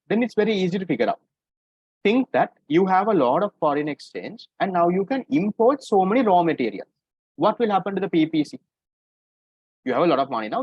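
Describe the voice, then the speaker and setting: A man's voice: high voice, a little mellow, slightly rough, no echo. A man teaching economics in an online exam-paper class. He explains step by step and keeps checking in with "right?". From Sri Lanka. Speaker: economics tutor. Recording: dull lo-fi recording.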